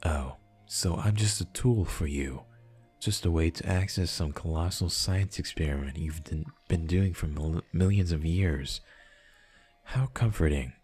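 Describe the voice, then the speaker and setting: A man's voice: low voice, unhurried, a little mellow, slightly rough, soft background music. A man reading a visual novel aloud, voicing a distressed young man who feels betrayed and answers in pleading, sarcastic tones. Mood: bitter. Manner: pleading, then bitter and sarcastic.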